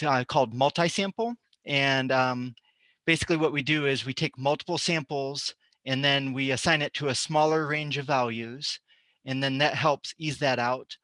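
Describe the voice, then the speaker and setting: A man's voice: medium pitch, bright, forceful tone, no room sound. Man walking through a synth demo. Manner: explains step by step while working a keyboard and screen. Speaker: presenter at a tech talk. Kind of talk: live technical demonstration.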